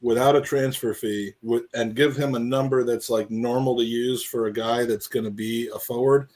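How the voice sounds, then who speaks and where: Guy hosting a podcast live, chatty and rambling, keeps restarting, average pitch. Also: fairly even intonation, moderate pace, darkish tone. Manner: rambling, jokey, many restarts. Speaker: podcast host. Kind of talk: casual live-stream chat.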